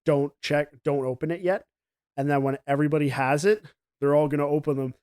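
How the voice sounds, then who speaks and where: A man's voice: fairly high pitch, steady tone, brisk, a little mellow. A man talking casually about running a tabletop game, rambling and swearing freely. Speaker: podcast co-host and game master. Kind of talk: casual chat.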